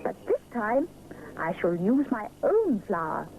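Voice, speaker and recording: A brisk, prim mother bear with a bright, lively voice, as a woman narrator puts her on. She speaks in a clipped, proper way. A steady hiss runs under the old TV soundtrack. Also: medium pitch, phone-quality sound, full character voice. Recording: hissy 1970s TV soundtrack.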